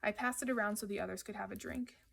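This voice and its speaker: A woman reading a children's adventure novel aloud, narrating in the first person at a steady, lively pace. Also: mid-range voice, fast talker, gravelly. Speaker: audiobook reader. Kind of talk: children's book read aloud.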